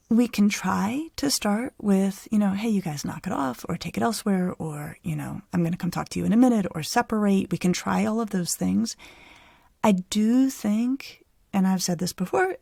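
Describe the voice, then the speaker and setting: Gravelly-voiced woman explaining with animated ease. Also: medium pitch, no echo, clean studio sound. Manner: animated, explanatory, laughs easily. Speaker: psychologist podcast host. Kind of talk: conversational expert advice.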